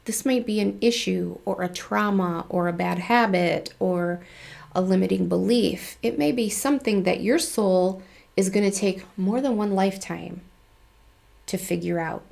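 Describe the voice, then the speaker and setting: A woman's voice: medium pitch, measured pace, gravelly, darkish tone. A woman hosting her own channel, talking casually to viewers, chatty, laughing often and acting out little exchanges of dialogue. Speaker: spiritual channel host. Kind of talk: casual talk to camera.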